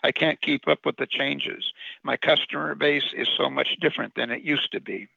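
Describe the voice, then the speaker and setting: A man's voice: mid-range voice, moderate pace, gravelly, bright, forceful tone, breathy edge, no room sound, highs cut off, heavily acted. A man reading the part of a sad, tired old Santa Claus in his own story, complaining and downcast. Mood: weary, bitter.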